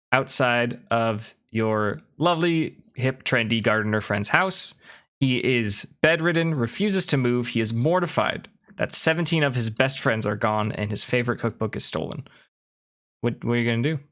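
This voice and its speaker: A man's voice: mid-range voice, unhurried, bright, forceful tone. A man narrating a tabletop game as game master, loose and casual. He giggles often and fills his scene-setting with ums and likes. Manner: casual, giggly, filler-heavy.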